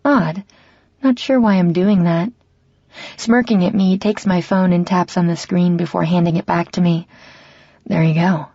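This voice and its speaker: A woman's voice: lowish voice, fairly even intonation, normal speed, warm tone, no room sound. A woman reading a romance audiobook in an intimate first-person style, slightly muffled and dry. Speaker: audiobook narrator. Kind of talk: scripted narration of a romance novel.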